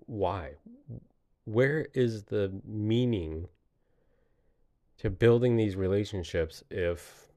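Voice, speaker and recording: A man's voice: lowish voice, warm tone. A man in his late thirties in a rambling, reflective solo monologue, often laughing at himself. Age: 30s. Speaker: podcaster.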